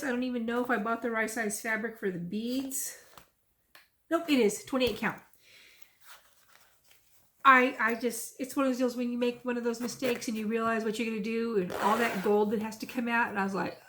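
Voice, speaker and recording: This woman's voice is a little high and brisk, with a little hiss or hum in the audio. Middle-aged and from Texas, she chats casually about cross stitch and rambles through stories, becoming animated as she retells them.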